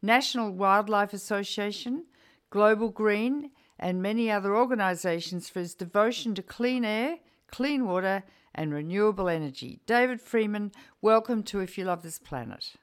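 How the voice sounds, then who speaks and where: An older woman hosting a radio interview program, speaking in an earnest, measured way. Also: mid-range voice. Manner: earnest, measured, re-enacts quotes. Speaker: radio show host.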